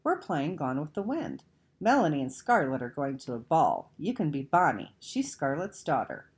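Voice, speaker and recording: A spirited ten-year-old girl, quick to tease her little sister, as a woman reading aloud puts her on. Close to the reader's own low voice, with a lively, swooping range. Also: slightly rough, exaggerated voice. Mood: brisk, teasing. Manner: brisk, teasing. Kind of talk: read-aloud storybook acting.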